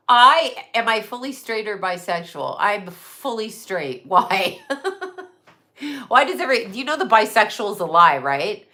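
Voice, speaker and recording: A woman's voice: mid-range voice, sharp tone. A middle-aged woman ranting on a live stream, blunt and profane, laughing often and jumping from topic to topic. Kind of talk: casual live stream chat.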